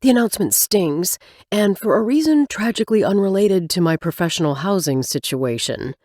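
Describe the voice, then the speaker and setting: A woman narrating a romance audiobook in first person, expressive with wry asides. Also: medium pitch, normal speed, no room sound, clean studio sound.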